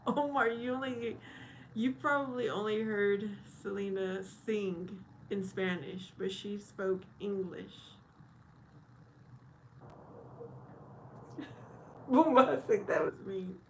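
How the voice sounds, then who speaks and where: Slow-talking woman chatting on a live stream. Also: medium pitch, fairly even intonation, a little hiss or hum, low-quality recording. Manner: reads viewer comments aloud and answers them. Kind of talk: casual live-stream chat. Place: outdoors at night.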